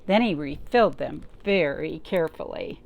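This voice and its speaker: A woman librarian reading a picture book aloud to children, pausing often to point things out and ask them questions. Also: low-pitched, gravelly. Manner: slow, expressive, pausing to talk to young listeners.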